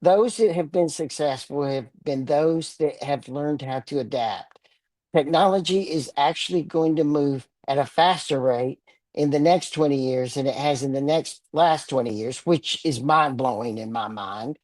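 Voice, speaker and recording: A man's voice: on the high side, normal speed, a little mellow, dry recording. An older man with a Texan drawl talks plainly and bluntly as an interview guest. His humor stays dry. The sound is close and dead, with no room around it. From Texas Panhandle. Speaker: guest author. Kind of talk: casual interview talk.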